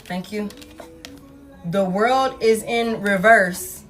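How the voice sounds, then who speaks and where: A woman's voice: medium pitch, drawn-out words. A woman doing a tarot reading for her viewers in casual, blunt, profane talk, calling them y'all. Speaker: tarot reader. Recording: soft music in the background.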